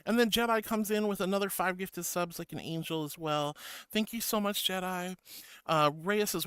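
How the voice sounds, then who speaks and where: A man's voice: high-pitched, animated, brisk, fairly bright tone, clear, resonant tone, dry recording. A man streaming as a virtual character, reading out viewer messages in an affectionate, playful way and calling people honey and sweetie. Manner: playful, makes silly noises. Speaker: VTuber streamer.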